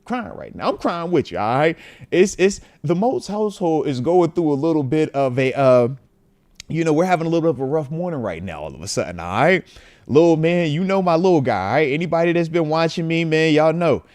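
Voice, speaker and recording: A man in his thirties hosting a casual livestream from home, animated as he reads out fan messages. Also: fairly high pitch, a little fast, no echo. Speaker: host.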